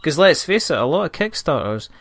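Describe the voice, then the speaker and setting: A man's voice: fairly high pitch, sing-song, brisk, a bit bright. A man hosting a casual podcast interview, teasing his guests and laughing often. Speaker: podcast host.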